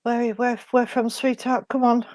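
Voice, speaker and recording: A woman medium giving messages from spirit at a service, speaking haltingly with many pauses and fillers. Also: a little high, level tone, a little mellow, no echo. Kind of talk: spiritualist demonstration.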